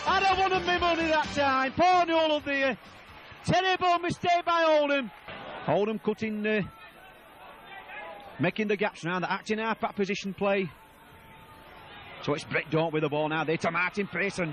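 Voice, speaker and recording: A man commentating on a rugby league match, calling play by play, repeating player names and shouting at tries. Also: high voice, moderate pace, long pauses.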